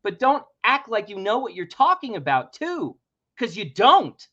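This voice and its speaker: A man's voice: high voice, wildly swooping pitch, a little slow, pushed and bright, highs cut off. A man hosting a podcast, ranting emphatically and swearing freely. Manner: heated, emphatic, swears freely, laughs in disbelief. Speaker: podcast host. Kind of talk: opinionated podcast rant.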